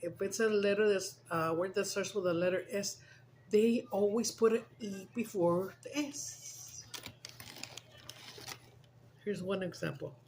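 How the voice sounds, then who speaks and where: A woman's voice: mid-range voice, unhurried, pauses often, darkish tone, slight background noise, rough recording. An older woman chatting casually to viewers while she eats, mixing English and Spanish and calling to her pets. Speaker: mukbang vlogger. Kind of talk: casual chat while eating. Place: home.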